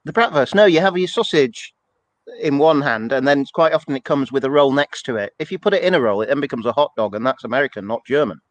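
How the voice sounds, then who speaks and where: A man's voice: medium pitch, expressive, quick pace, rough recording. A man co-hosting a church's weekly show, chatting casually and rambling along in a self-deprecating way. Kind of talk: casual chat.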